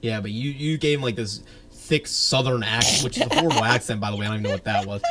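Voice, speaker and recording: A man with a middle-pitched voice, co-hosting a casual podcast. He jokes wryly, teases his co-host, and laughs easily as they talk. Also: fast talker, very noisy. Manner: wry, joking, laughs easily. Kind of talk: casual chat.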